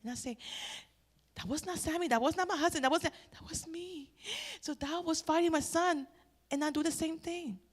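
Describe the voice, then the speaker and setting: A middle-aged woman giving a personal testimony at a church family event. She swings between loud exclamations and near-whispers. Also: very high-pitched, normal speed. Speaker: church family-life speaker.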